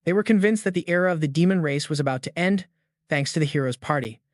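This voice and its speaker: A man narrating a fantasy comic recap in a steady, scripted storytelling delivery. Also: fairly high pitch, fast, no room sound, studio quality.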